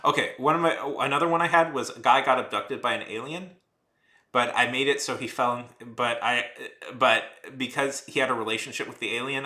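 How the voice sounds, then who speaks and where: A man's voice: mid-range voice, sharp tone. A man in his thirties chatting casually on a stream. He rambles with lots of fillers and turns heated and ranting. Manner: rambling, heavy use of "like", restarts and trails off. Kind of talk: casual rambling chat while drawing. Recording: echoey room.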